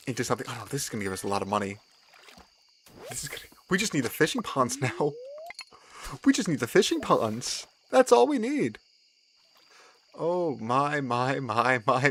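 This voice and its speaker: Young male streamer, excitable and lively in pitch, repeats lines, laughs a lot. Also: slight background noise. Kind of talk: casual gameplay commentary.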